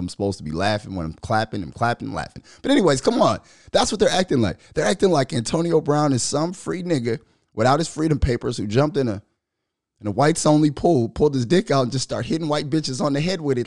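A man hosting his own podcast, talking sports in a loose, profane style, often laughing and getting loud. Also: medium pitch, fast, no room sound, studio quality. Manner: loud, animated, laughing, swears a lot. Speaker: podcast host. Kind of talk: casual profane sports commentary.

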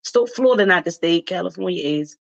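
A Baltimore, Maryland woman with a Baltimore accent hosts casual talk radio commentary, loose and chatty, laughing often and full of slang. Her fairly low, gravelly voice is animated and a little fast, with the highs cut off.

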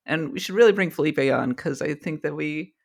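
A woman hosting a podcast in casual chat, playful and quick to laugh. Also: low voice, creaky. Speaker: podcast host.

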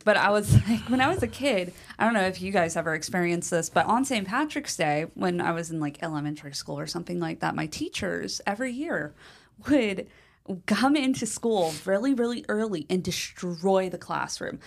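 A woman's voice: on the low side, moderate pace, creaky, slight background noise. A woman co-hosting a casual chat, reading facts and telling stories, laughing often. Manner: laughs often, relaxed with fillers. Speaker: podcast co-host.

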